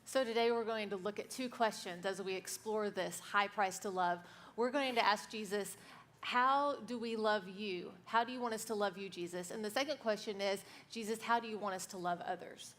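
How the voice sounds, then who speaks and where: A woman sharing the sermon, reading scripture in a steady, measured way. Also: medium pitch.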